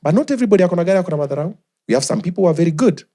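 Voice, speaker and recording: Animated fast-talking Kenyan man. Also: high-pitched. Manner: animated, mixes in Swahili slang. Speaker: podcast guest. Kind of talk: casual chat.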